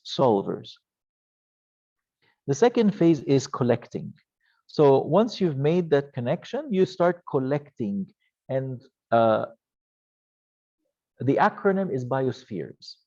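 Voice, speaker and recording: A man lecturing a youth ministry class in a gentle, halting way, often restarting his sentences. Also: medium pitch, highs cut off.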